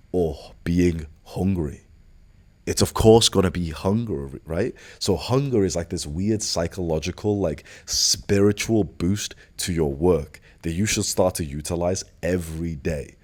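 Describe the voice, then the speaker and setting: A young man with a deep, low-pitched voice talks in a casual motivational monologue. He is blunt and profane, leaning on "like" as filler and firing off rhetorical questions. He speaks as a self-improvement coach lecturing his listeners. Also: darkish tone.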